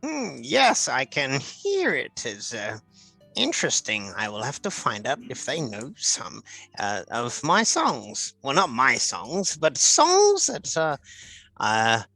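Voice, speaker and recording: A man voicing a stocky middle-aged male deep gnome with a German accent, who talks haltingly with many hesitations. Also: wildly swooping pitch, vocal fry, sharp tone, faint music behind, heavily acted. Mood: musing.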